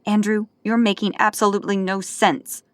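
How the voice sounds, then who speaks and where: A woman's voice: mid-range voice, flat delivery, moderate pace, no room sound, voice pushed up, lightly acted. Woman voicing a flustered shy young man. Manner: embarrassed, protesting. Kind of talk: audiobook character voice.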